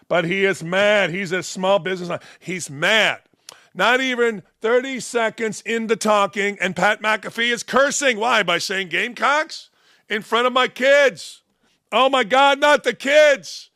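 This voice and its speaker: A man's voice: very high-pitched, pushed and bright, clear, resonant tone, no room sound, clean studio sound. A man in his sixties hosting a show, ranting in a mocking, sarcastic way with heavy emphasis. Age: 60s. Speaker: host. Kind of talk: sarcastic commentary rant.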